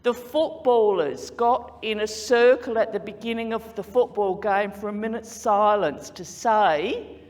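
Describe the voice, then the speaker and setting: A woman's voice: mid-range voice, measured pace, darkish tone. A woman with an Australian accent giving an earnest, persuasive contest speech in a large conference hall.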